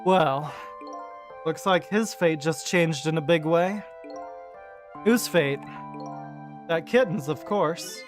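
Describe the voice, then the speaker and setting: Woman reading tired young man from a game, low and unhurried. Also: over music. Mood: wry. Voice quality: low, subdued. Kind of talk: reading game dialogue aloud.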